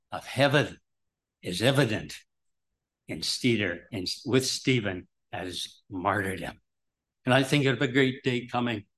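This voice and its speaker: A man preaching a sermon, rambling with asides and restarts, who rises sharply when quoting scripture and drops low and soft between quotes.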